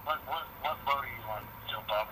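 A man talks quickly on a phone call, heard through the phone speaker. His tone is very bright and sharp. He plays along drily. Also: mid-range voice, a little hiss or hum. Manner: quick, dry, playing along. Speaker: caller.

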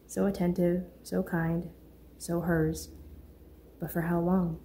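A woman narrating a Christian suspense audiobook with a steady, measured reading. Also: on the low side, slight background noise. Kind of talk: scripted narration.

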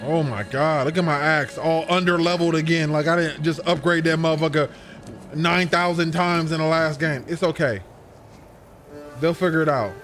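A young man reacting to a video game as he plays, excitable and profane, with loud outbursts and banter. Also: a little high, normal speed, soft background music.

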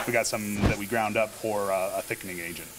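A man's voice: fairly low pitch, fairly even intonation, fast talker, over music, poor audio. A young man, a cooking student, modestly explaining a recipe step by step in a busy kitchen. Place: commercial kitchen during a cooking class.

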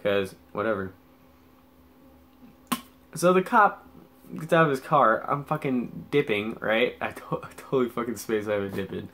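A man's voice: mid-range voice, normal speed, fairly bright tone, slight background noise. A young man telling a story in a rambling, casual way, swearing heavily and filling gaps with "like". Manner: rambling, heavy swearing, lots of fillers. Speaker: vlogger.

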